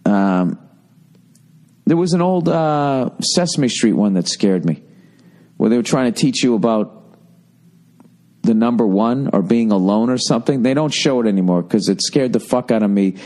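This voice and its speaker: A man's voice: medium pitch, animated, moderate pace, pauses often, darkish tone. A man hosting a comedy podcast, ranting casually and profanely while reading listener letters. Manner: profane, rambling, sarcastic. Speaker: podcast host.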